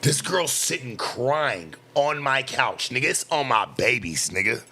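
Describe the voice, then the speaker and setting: A man's voice: mid-range voice, very animated, pushed and bright, husky. A man from the US West Coast, a streamer giving a heated, profane reaction commentary. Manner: profane, heated, rapid-fire ranting.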